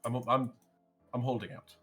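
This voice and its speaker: A man voicing a reserved young noble who speaks quietly and haltingly in a tabletop role-play. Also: medium pitch, steady tone, soft background music, natural voice.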